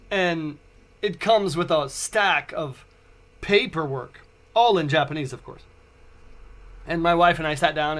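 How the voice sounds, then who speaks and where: A man in his forties, a podcast host, telling a personal story in a casual, animated way with frequent stumbling restarts. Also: fairly high pitch. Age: 40s.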